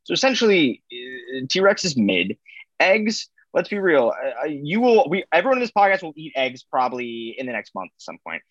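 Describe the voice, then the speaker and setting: A man's voice: on the high side, very animated, normal speed, fairly bright tone, dry recording. Teasing man on a dry, dull mic. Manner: teasing, mocking, laughs often. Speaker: podcast co-host, debater. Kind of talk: comedic mock debate.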